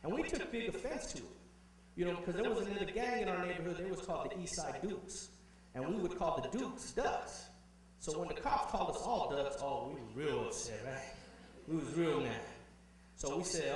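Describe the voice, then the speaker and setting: A young man telling a personal story in an animated way as a conference speaker, heard from afar in a big hall with a faint hum. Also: a little high, moderate pace, far from the mic. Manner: animated, acts out quoted voices.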